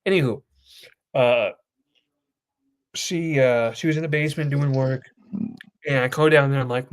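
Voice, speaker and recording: A man's voice: medium pitch, moderate pace, pauses often, clean tone. Rambling young man telling a story. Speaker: host. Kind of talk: casual chat.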